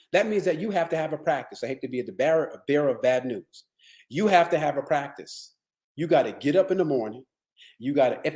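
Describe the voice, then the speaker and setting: A man giving a motivational wellness talk to lawyers. He tells stories in a streetwise, profane, animated way. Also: on the high side. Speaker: wellness speaker. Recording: echoey room.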